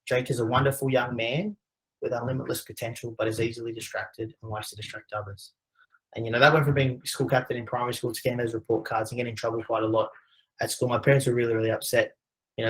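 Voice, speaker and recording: Fast-talking Australian man telling a story. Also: medium pitch, a bit bright, poor audio. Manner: conversational, frequent "you know" fillers. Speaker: webinar presenter. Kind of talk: personal storytelling.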